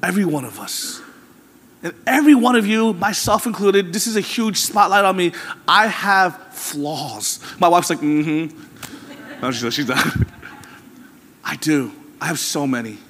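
Pastor, male, high-pitched, casual but building sermon, long reverb. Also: lively intonation, a little slow, a bit bright, slight background noise. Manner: conversational, candid preaching with rising emphasis.

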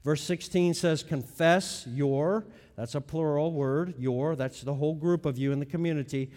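A middle-aged man with a high voice preaches through a teaching sermon. He leans hard on key words, then drops to softer asides, and his voice rings with the long reverb of a big hall. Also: steady tone, normal speed. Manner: emphatic, swings between loud stresses and quiet asides. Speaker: pastor.

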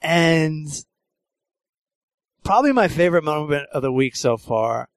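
A comedian hosting a podcast, telling road stories in casual chat, acting out voices, laughing often and swearing freely. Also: male voice, on the high side, lively intonation, measured pace, no echo. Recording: dry close mic.

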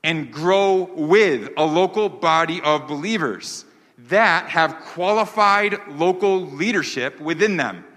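A man's voice: a little high, animated, slow, a bit bright. Emphatic male pastor in a reverberant hall. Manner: earnest, emphatic, repeats key phrases. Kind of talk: sermon.

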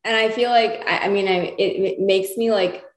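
A woman's voice: medium pitch, steady tone, normal speed. A woman co-hosting a podcast, asking reflective questions with many fillers. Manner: thoughtful, reflective, full of hedging fillers. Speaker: podcast co-host. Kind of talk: casual interview chat. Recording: roomy echo.

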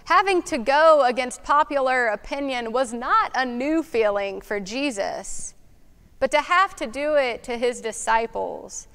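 A woman preaching a sermon in a slow, reflective way, asking questions aloud. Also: high-pitched, animated, fairly bright tone, clean tone.

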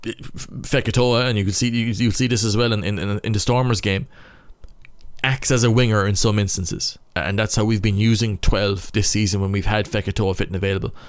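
A man's voice: on the low side, fairly even intonation, a little fast, dry recording. A young Irish man, a rugby player, casually breaking down match footage, thinking aloud in stop-start phrases.

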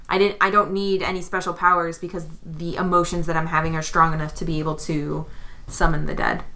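A woman's voice: on the low side, a bit bright. A woman playing a tabletop game, chatting casually and thinking aloud as she plays. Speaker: player. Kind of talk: casual play commentary.

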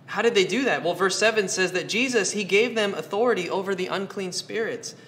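A man preaching with a bright, forceful voice, pitched a little higher than most men's. He talks earnestly, asks question after question and doubles back on his phrases for emphasis. Faint noise sits under the recording. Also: a little fast. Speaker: pastor. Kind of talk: sermon.

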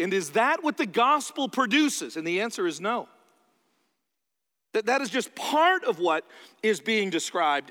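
A man's voice: sits high, fairly bright tone. A male pastor preaching a sermon in a church, in a conversational style that acts out his listeners' replies. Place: church sanctuary. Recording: long reverb from a large hall.

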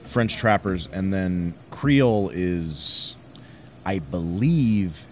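A man's voice: low voice, lively intonation, very slow. Hesitant young man from Louisiana. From southwest Louisiana. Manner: hesitant, lots of "like" and "um". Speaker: guest comedian. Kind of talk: casual chat. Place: bar.

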